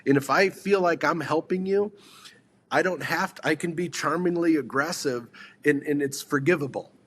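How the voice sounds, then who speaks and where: A man's voice: on the high side, normal speed, fairly bright tone, a little hiss or hum. A man giving sales advice in a casual podcast chat, rambling, restarting sentences and firing questions at his listeners.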